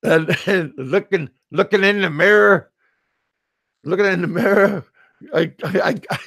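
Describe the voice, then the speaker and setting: A man's voice: sits high, a little slow, creaky, pauses often, fairly bright tone, no echo. A middle-aged American man vlogging, rambling through a humorous monologue, stammering and repeating his words with frequent chuckles. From United States. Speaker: expat vlogger.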